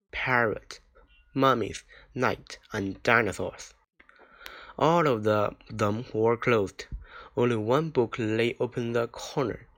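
Slow, careful man reading a storybook. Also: mid-range voice, a bit bright. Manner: slow, careful reading with small slips and restarts. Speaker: reader. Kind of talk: reading a children's book aloud.

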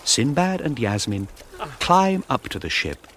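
A man narrating a storybook slowly and clearly, paced for learners. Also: mid-range voice, very animated, a bit bright, slight background noise. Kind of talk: storybook reading.

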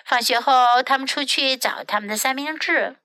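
A woman teacher reading a bilingual picture book to children, gentle and clear. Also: sits high, normal speed, no room sound.

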